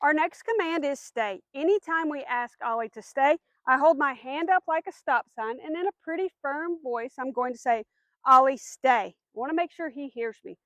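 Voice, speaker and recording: A woman dog trainer giving a clear, patient lesson outdoors, with firm short commands. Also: sits high, moderate pace, few pauses, no echo. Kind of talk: instructional demonstration.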